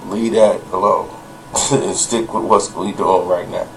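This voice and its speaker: A man's voice: deep voice, fairly even intonation, unhurried, gravelly, a little hiss or hum, poor audio. A man telling a story in casual commentary, hesitant and rambling, with many fillers and restarts. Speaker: commentator in the reviewed video.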